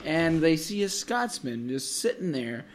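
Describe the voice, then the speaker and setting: A man telling jokes casually among friends, animated and laughing as he goes. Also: on the high side, measured pace, low-quality recording. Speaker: joke teller.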